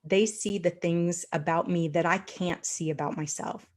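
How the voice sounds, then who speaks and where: A woman's voice: lowish voice, steady tone, moderate pace. A woman coach talking in an earnest, reflective way, often laughing lightly mid-thought. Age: adult with a daughter. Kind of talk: casual conversation.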